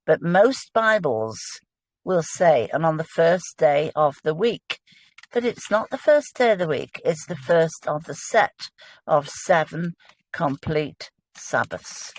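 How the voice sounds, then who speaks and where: Earnest woman explaining. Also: sits low. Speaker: guest. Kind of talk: casual religious discussion.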